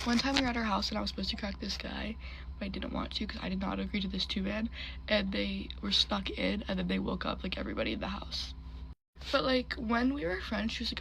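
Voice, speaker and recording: A woman's voice: medium pitch, gravelly, a bit bright, a little hiss or hum, poor audio. A young woman chatting while she gets ready on camera, gossipy and full of fillers. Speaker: storyteller. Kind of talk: get-ready-with-me storytime vlog.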